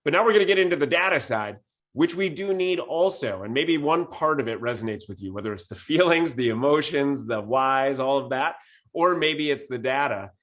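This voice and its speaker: A man's voice: mid-range voice, lively intonation, moderate pace, fairly bright tone. A man co-teaching a business-planning session, methodical and data-focused, stressing his key points. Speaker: real estate business coach. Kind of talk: instructional webinar talk.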